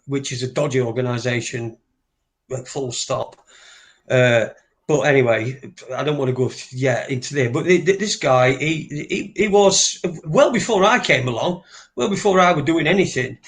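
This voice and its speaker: A man co-hosting a casual live stream, rambling with lots of swearing, fillers and restarts. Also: mid-range voice. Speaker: co-host.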